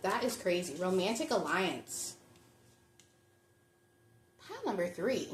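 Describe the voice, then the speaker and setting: A woman's voice: fairly low pitch, sing-song, slow pace, long pauses, slight background noise. Chatty woman reading tarot, echoey room. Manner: chatty, reflective, addresses viewers directly. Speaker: tarot reader. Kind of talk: pick-a-card tarot reading.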